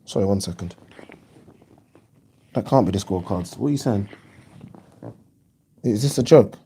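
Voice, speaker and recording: A man hosting a casual live stream, chatting and reading viewer comments aloud in an animated way. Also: fairly low pitch, moderate pace, breathy edge. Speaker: boxing channel host.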